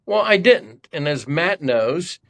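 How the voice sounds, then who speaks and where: A man's voice: a little high, sing-song, slow, vocal fry, fairly bright tone. An older man from Ohio, a podcast guest telling self-deprecating, rambling stories in casual conversation. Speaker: podcast guest, former congressman. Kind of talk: conversational storytelling.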